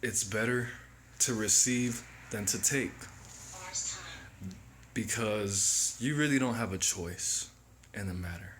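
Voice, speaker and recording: Slow, low-voiced man musing to camera. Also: a bit bright, a little hiss or hum. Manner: slow, reflective, preachy self-help delivery. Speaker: channel host. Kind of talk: motivational monologue to camera.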